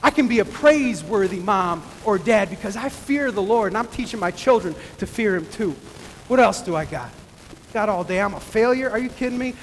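A man with a very high voice preaches an emphatic sermon, often climbing into excited bursts. His voice carries with a long reverb from a large hall. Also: a little hiss or hum. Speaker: pastor.

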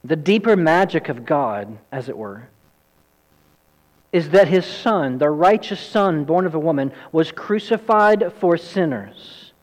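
A man pastor preaching an earnest, emphatic sermon, at times quick and at times slow. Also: fairly high pitch, expressive. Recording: long hall reverb.

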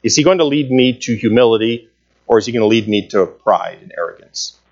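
A man's voice: medium pitch, expressive, brisk, highs cut off. A man preaching a sermon, earnest and emphatic, reading scripture aloud and repeating key phrases for weight.

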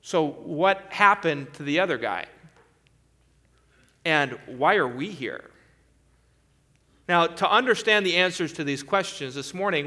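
A man's voice: on the high side, sharp tone. A man preaching a sermon, earnestly and emphatically walking his listeners through a passage of scripture.

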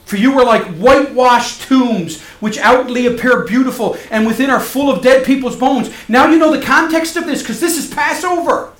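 A man preaches with a high, ringing voice that swings from loud and emphatic to soft and hushed. The sound is roomy and echoey, as in a church sanctuary. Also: moderate pace, few pauses. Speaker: pastor. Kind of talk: sermon.

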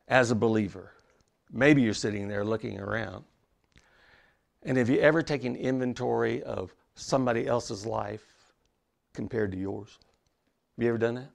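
A man's voice: fairly low pitch, creaky. A man preaching a sermon as a pastor, emphatic and conversational, with asides to the congregation in church.

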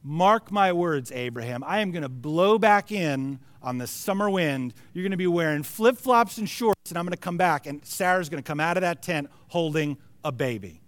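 A calm, all-powerful divine figure who speaks plainly and with full assurance, as a man in a sermon voices him. The voice sits fairly high. The sound is dry and close. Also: moderate pace, few pauses, no room sound. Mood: promising. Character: calm all-powerful male deity, matter-of-fact.

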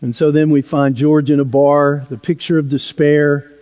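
A male pastor preaching a sermon in a church, telling a story in a conversational way that drops softly at times. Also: fairly high pitch, level tone, normal speed, clear, resonant tone. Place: church sanctuary. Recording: long hall reverb.

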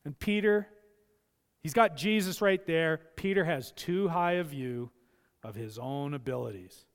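A man with a high, smooth, resonant voice preaches a sermon in a church. He delivers it with passion and often slips into the voices of the people he quotes. A long hall reverb trails behind every phrase. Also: a little slow. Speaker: pastor.

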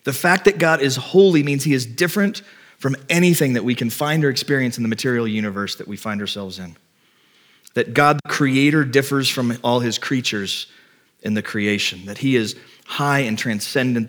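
A man's voice: medium pitch, brisk, fairly bright tone. Male pastor with a mid-range voice, preaching to a congregation in an easy, conversational way and posing questions. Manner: explanatory, asks the listeners rhetorical questions. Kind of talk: conversational sermon. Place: church before a congregation.

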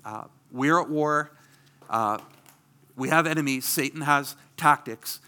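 A man's voice: fairly high pitch, a little slow, bright, forceful tone, clear, resonant tone. A middle-aged man preaching a sermon as pastor, earnest and emphatic, asking rhetorical questions.

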